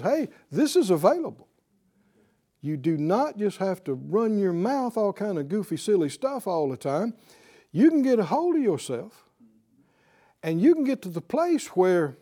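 A male preacher giving a sermon, asking questions, quoting scripture and chuckling between points. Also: high voice. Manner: animated, asks the congregation questions, quotes scripture.

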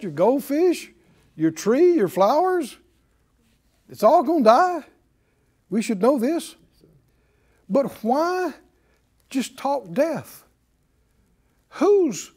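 Male pastor preaching, high voice with big swings in pitch, asks rhetorical questions, alternates loud and quiet. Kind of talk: sermon.

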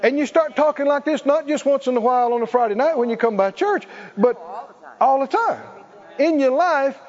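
A man's voice: extremely high pitch, lively intonation, normal speed, long reverb tail. A man preaching a sermon, leading the congregation in call-and-response and laughing between points. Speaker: pastor. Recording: muffled church recording.

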